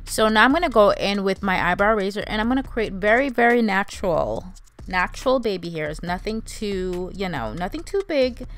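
A woman's voice: mid-range voice, expressive, moderate pace, fairly bright tone. A young woman narrating a wig tutorial in a casual, chatty way, calling her viewers "you guys" and "honey". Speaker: beauty vlogger.

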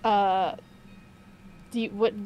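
A young adult woman streaming a game, reacting excitably and swearing freely. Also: mid-range voice, slow, dull audio, slight background noise. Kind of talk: live stream gameplay chat.

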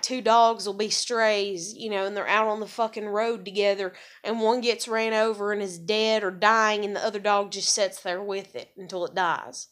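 An American woman ranting in a vlog, angry, profane and rambling, her voice jumping high when heated. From USA. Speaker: vlogger. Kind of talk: ranting monologue.

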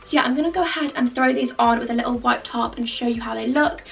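A young woman chatting excitedly through a clothing try-on haul, gushing and full of fillers. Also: fairly high pitch, fast talker, creaky. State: out of breath. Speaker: fashion vlogger. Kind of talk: casual try-on haul chat. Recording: distant mic with faint background music.

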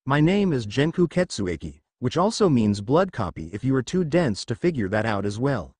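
Man voicing a smug young bounty hunter, condescending, exasperated, lively pitch swings, dry close sound. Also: moderate pace, slightly rough, no room sound.

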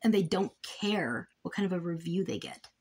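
A woman's voice: fairly low pitch, animated, moderate pace, slightly rough. Frustrated woman vlogging a complaint. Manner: frustrated, exasperated, rambling with restarts. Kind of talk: casual complaint vlog, reading out emails and complaints.

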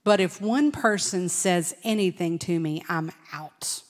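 A middle-aged woman telling a personal testimony at a conference, lively and storytelling, acting out what people said. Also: fairly low pitch, unhurried. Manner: animated storytelling with laughs and acted-out quotes. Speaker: conference speaker. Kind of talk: testimony sermon. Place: large church hall. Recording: long hall reverb.

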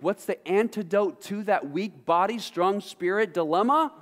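A man's voice: high-pitched, measured pace. A male pastor delivering a sermon, reading scripture and asking his congregation emphatic rhetorical questions. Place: church sanctuary.

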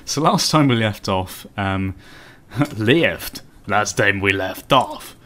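A man hosting a let's play video, chatty and self-mocking with quick asides. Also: on the low side, animated, fairly bright tone. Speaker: gaming channel host.

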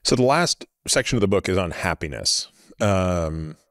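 A man hosting a podcast interview, asking thoughtful, measured questions. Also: low voice, lively intonation, no echo, studio quality. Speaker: podcast host. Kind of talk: conversational interview.

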